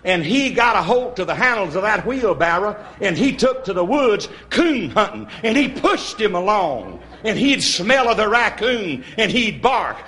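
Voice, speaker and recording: A man telling a comic yarn in a lively folksy drawl. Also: sits high, moderate pace, hardly any pauses. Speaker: comedian. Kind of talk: storytelling comedy routine.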